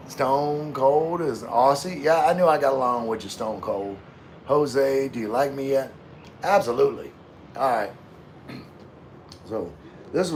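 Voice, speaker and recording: A man reading viewer comments on a casual live stream, rambling and relaxed while drinking with his chat. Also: medium pitch, slight background noise. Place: room with floor-to-ceiling window.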